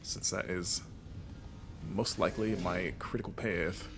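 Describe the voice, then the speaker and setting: A young American streamer and games critic chats casually over gameplay, laughing easily and slipping into playful mock voices. His voice is low-pitched with fairly even intonation and a measured pace, and there's background noise.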